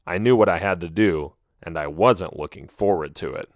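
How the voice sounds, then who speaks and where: A man reading a first-person children's animal story aloud with an expressive, animated delivery. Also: deep voice, normal speed, no room sound, studio quality. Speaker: audiobook narrator.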